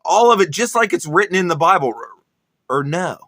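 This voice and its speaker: Podcast host, male, profane mocking rant, bright edge, close and dry. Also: high voice, big pitch swings, brisk, dry recording. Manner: crude, sneering, heavy swearing. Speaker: podcast host reacting to a sermon clip.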